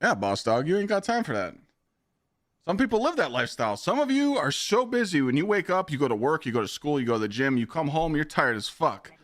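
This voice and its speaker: A young man streaming games, telling stories to his chat in a blunt, profane, animated way. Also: fairly high pitch, brisk, no room sound, clean studio sound. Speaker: game streamer. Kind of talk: casual live-stream storytelling.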